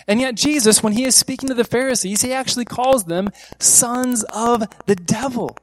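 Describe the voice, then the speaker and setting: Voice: mid-range voice, moderate pace, hardly any pauses, a little hiss or hum, poor audio. A preacher giving an earnest sermon, repeating key phrases for emphasis and asking one rhetorical question after another.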